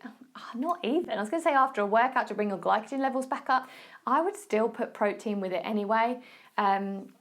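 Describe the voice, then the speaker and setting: A woman with an Essex accent hosting a solo podcast, giving nutrition advice in a chatty, encouraging way and often checking in with the listener. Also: medium pitch. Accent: Essex English. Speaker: podcast host and nutrition coach. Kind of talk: casual solo podcast talk.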